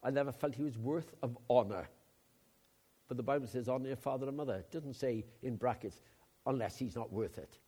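An older man from Wales preaching a sermon, swinging between loud emphatic outbursts and quiet asides. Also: medium pitch, fairly quick, husky. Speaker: pastor.

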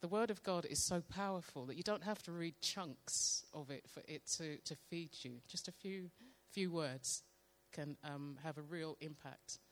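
Woman sharing devotional testimony, slow and meditative in delivery. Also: sits low. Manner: slow, calm, soft-spoken, meditative. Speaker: church member sharing testimony. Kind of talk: devotional testimony with guided prayer.

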